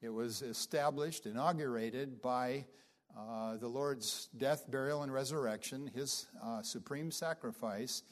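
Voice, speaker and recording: A man teaching a Bible class, explaining scripture in an unhurried lecture style with frequent fillers, and reading passages aloud with emphasis. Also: mid-range voice.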